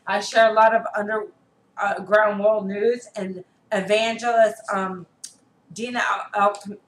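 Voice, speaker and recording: A woman preacher, a prophetess, gives an earnest online video sermon, exhorting her listeners and often checking in with "okay?". Her voice is on the high side and a bit bright, recorded in an echoey room with faint background noise.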